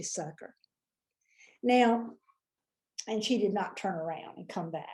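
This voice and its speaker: A woman with a Southern US accent telling a folksy, lively story as a motivational speaker. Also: on the high side.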